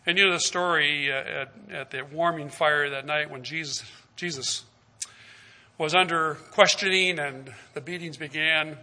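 A man's voice: on the high side, steady tone, moderate pace, pushed and bright. A man preaching a sermon, retelling scripture stories and acting out their dialogue, with questions to the listeners. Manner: asks the listeners direct questions.

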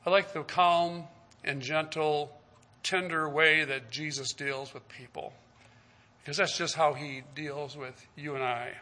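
A man's voice: on the high side, fairly even intonation, measured pace, sharp tone. A man preaching a sermon, retelling scripture stories and acting out their dialogue, with questions to the listeners. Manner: asks the listeners direct questions.

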